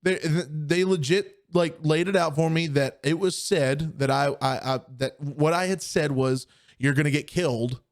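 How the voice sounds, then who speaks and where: A man's voice: a little high, unhurried. A young man co-hosting a podcast, telling a story in casual chat and acting out the people he quotes. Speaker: podcast co-host.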